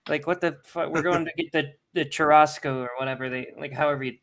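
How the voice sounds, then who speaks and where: A man with a bright, slightly high voice chats casually on a podcast. He tells lively, profane stories and acts out other people's lines. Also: fast, a little hiss or hum. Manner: animated, profane storytelling with acted-out quotes. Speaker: podcast co-host. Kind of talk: casual chat.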